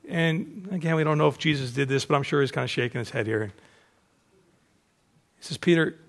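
A man preaching a sermon, animated, acting out the disciples' voices and dropping to a hushed, slow voice for emphasis. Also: on the high side. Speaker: pastor.

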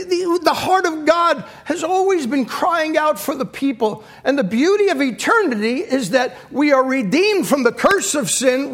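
A middle-aged man preaches with passion, repeating words and dramatically voicing the quotes he recounts. His voice is extremely high and a bit bright.

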